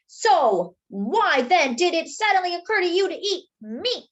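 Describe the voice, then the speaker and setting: A woman voicing a fussy, dramatic little male doughnut that talks in a prim, indignant way. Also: very animated. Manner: prim, indignant, high and slow. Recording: dull lo-fi sound.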